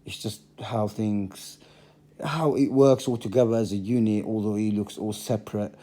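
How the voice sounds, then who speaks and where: A man's voice: fairly low pitch, fairly even intonation, moderate pace, warm tone. A middle-aged man giving a passionate monologue to camera, repeating phrases for emphasis. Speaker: religious vlogger.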